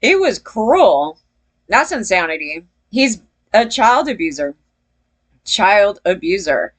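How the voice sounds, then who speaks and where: A woman's voice: mid-range voice, big pitch swings, measured pace, a bit bright. A woman giving casual opinion commentary as a vlogger, blunt and profane, rambling and laughing between points.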